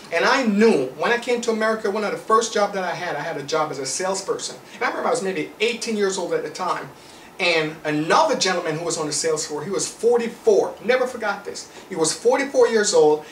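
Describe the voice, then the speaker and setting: A Jamaican man delivers a forceful motivational lecture in a fairly high voice. He hammers his points with rhetorical flourishes. The sound is roomy and set back from the mic, with faint noise underneath. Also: animated, quick pace, recorded from a distance. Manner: emphatic, preachy, rhetorical. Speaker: motivational speaker.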